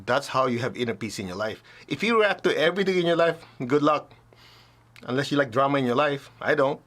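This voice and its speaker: A man's voice: mid-range voice, expressive, fairly quick, fairly bright tone. A man teaching a spiritual talk to an audience, casual and blunt, often acting out the voices of people he quotes.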